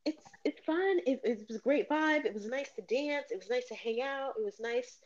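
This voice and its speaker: A woman's voice: on the high side, moderate pace. Woman, podcast host, casual storytelling, self-mocking, slightly muffled sound. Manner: animated, self-mocking, laughs often.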